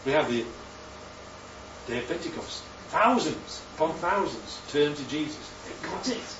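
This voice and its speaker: A man preaches a sermon with a fairly high, animated voice that leaps upward on key words. He asks the room question after question. He sounds roomy and set back from the microphone, a little dull, with faint ambience behind. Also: measured pace, distant mic, noisy background. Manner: animated, rhetorical questions, swoops up for emphasis.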